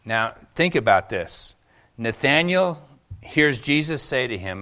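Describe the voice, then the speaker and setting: A male pastor preaching a sermon in a lively, storytelling way, with emphatic turns. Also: medium pitch, slow.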